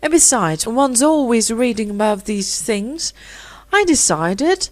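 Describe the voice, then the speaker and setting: A woman's voice: a little high, sing-song, takes it slowly, a little mellow, no echo. A woman voicing a rich, impulsive young society lady in an audiobook story, with a gushing, eager manner.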